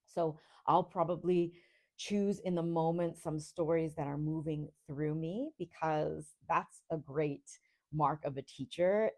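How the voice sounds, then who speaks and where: Woman podcast host, low voice, slow and clearly articulated, faint Rhode Island traces, reflective teaching tone. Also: dark tone. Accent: neutral American, Rhode Island traces on a few words. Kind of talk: teaching monologue.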